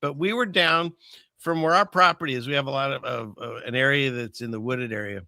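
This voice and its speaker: A man's voice: medium pitch, fairly quick, bright, forceful tone, no echo. A man hosting a show, telling a story in an earnest, conversational way. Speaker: podcast host. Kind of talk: casual conversation.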